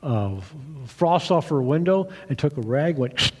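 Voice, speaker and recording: A man's voice: fairly high pitch, measured pace, husky, long reverb tail. Man pastor telling a children's story. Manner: animated storyteller, asks children questions. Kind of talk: children's sermon with acted-out story.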